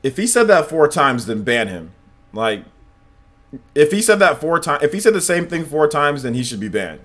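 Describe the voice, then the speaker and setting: A man streaming gameplay live, talking to his chat in an animated, repetitive way. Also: on the high side, moderate pace. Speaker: gaming livestreamer.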